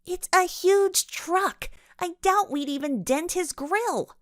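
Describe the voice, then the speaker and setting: A woman's voice: very high voice, takes it slowly, no room sound, pitched above the performer's own voice. A woman voicing a wry, unflappable young girl sleuth. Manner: wry, dry.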